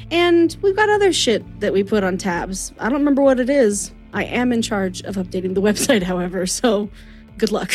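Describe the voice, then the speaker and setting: A woman hosting a podcast, effusive and quick to laugh, thanking guests and listeners. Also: on the high side, darkish tone. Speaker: podcast host. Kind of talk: casual podcast chat.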